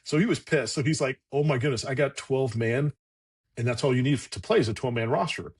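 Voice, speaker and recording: Guest, male, husky, casual storyteller who voices the quotes and curses freely. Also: medium pitch, fairly quick. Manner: lively anecdotal, acts out quotes, swears freely. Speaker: podcast guest.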